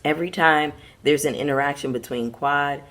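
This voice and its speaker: A young woman with a slightly lowered voice recaps reality television with sass and emphasis. She talks straight to her audience, leaning hard on her punchlines. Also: moderate pace, a bit bright. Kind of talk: casual recap commentary.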